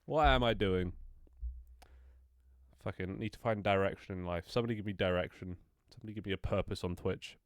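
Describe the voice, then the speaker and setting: A deep-voiced man with a stuffy, congested nose streams his game development work live, talking fairly quickly. He rambles, jokes casually, mocks himself, and swears offhandedly. The sound is studio quality with no echo.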